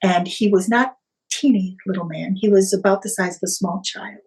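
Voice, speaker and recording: A woman podcast guest retelling a family story in conversation, animated, with small hesitations and restarts. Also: mid-range voice, normal speed, low-quality recording.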